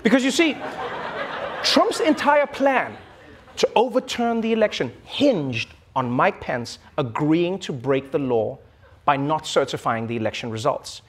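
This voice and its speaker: A man's voice: a little high, moderate pace. A man hosting a late-night show, delivering a comedy monologue with laughing asides. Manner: animated, laughing asides, mock-indignant.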